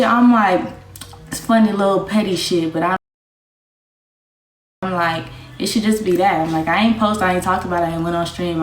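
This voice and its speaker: A young woman streamer, ranting bluntly and defiantly, swearing and repeating herself. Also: mid-range voice. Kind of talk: livestream rant. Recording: echoey room with faint music.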